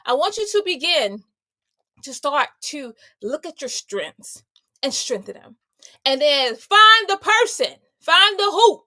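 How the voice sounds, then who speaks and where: High bright-voiced woman preaching casually. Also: big pitch swings, slow pace, no room sound, studio quality. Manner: emphatic, conversational and slangy, addressing listeners directly. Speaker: host; homemaker, entrepreneur and mother. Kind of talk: faith-based motivational talk.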